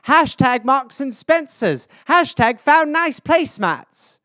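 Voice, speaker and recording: A man voicing a cheerful, chatty mother with a sing-song, drawn-out delivery. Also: very high-pitched, big pitch swings, pushed and bright, no room sound, studio quality, voice pushed up, heavily acted. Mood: chirpy.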